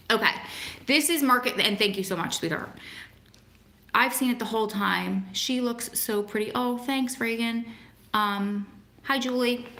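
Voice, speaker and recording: Woman chatting away on a home livestream, bright voice, echoey room. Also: medium pitch. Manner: chatty, talks to viewers by name, reads a poem aloud. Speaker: host of a livestream for prison families. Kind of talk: casual livestream chat.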